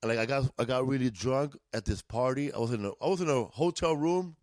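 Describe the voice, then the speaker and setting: A man's voice: medium pitch, fairly quick, a little mellow, no echo. A man from East Los Angeles spins loose, profane stories in a casual podcast chat, laughing as he goes. His voice sits in a middle range and is recorded dry, with no room sound around it. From East Los Angeles, USA. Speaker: comedian guest. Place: indoors, podcast studio.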